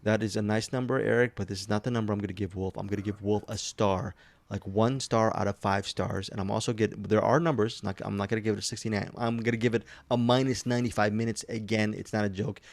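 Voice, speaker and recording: A man's voice: on the low side, level tone, quick pace, vocal fry, dry recording. A man hosting a casual podcast chat, teasing his co-hosts with playful mock outrage. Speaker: podcast host.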